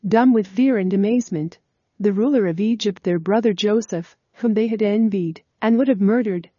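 Mellow-voiced woman narrating a Bible story. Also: medium pitch, no echo, muffled recording. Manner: measured, formal storytelling.

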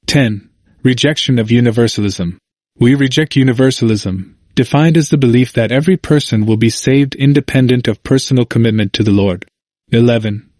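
A man reads a church committee report in a formal, measured way, naming each numbered point before going on. His voice sits at an ordinary middle pitch. It is recorded dry and close, with no room sound around it. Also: darkish tone, no echo. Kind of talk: formal scripted reading.

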